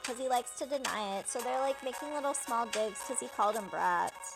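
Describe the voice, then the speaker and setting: A woman's voice: high-pitched, normal speed, few pauses, music in the background, poor audio. A young woman casually narrating and translating a game, chatty with lots of "like", reading the ellipses aloud. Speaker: let's play translator.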